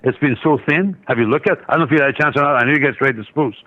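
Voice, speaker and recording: A market analyst and trader, guesting on a radio show, spins a trading story casually, rambling with many restarts and asides. He talks very fast in a medium-pitched voice, and the audio comes through a dull lo-fi line.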